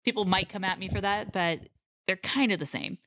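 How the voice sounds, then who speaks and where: Woman from the United States, podcast co-host, bright voice, relaxed chat, laughs often. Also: medium pitch, brisk, no echo, clean studio sound. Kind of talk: casual movie discussion.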